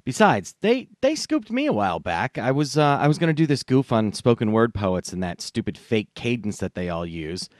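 A man's voice: mid-range voice, normal speed, few pauses, dry recording, clean studio sound. A man hosting a comedy podcast, casual and profane. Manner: profane, animated, laughing. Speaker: podcast host.

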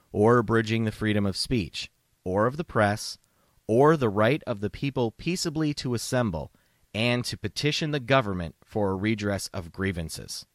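A man's voice: lowish voice, no echo, studio quality. A man hosting a podcast, delivering an impassioned opinion rant full of rhetorical questions. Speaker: podcast host.

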